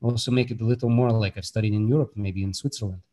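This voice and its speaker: A man's voice: on the low side, steady tone, fast talker, mellow. A man in his thirties, an actor from Bulgaria, talking earnestly as an interview guest with many restarts. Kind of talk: casual interview chat.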